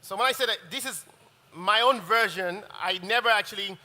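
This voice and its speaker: Man chef, high voice, rambling demo patter, echoing hall. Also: brisk, pushed and bright. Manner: chatty and rambling, often restarts sentences. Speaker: chef teaching a cooking masterclass. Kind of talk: live cooking demonstration. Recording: long reverb of a large hall.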